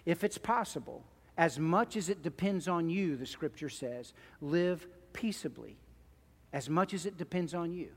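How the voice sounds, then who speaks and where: A middle-aged man preaching a sermon, moving between loud pleading and quiet, hushed asides. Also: a little high, animated, measured pace, in a large hall. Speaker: pastor.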